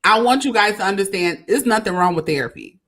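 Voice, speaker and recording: A woman's voice: medium pitch, lively intonation, fast talker, a bit bright. A woman hosting a casual talk. She laughs often and leads the conversation, handing it on to her guest. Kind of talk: casual chat.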